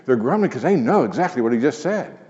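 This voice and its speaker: A man preaching a sermon in an earnest, conversational way, dropping to a hush for emphasis. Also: medium pitch, sing-song, quick pace. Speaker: pastor. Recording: muffled sound with long hall reverb.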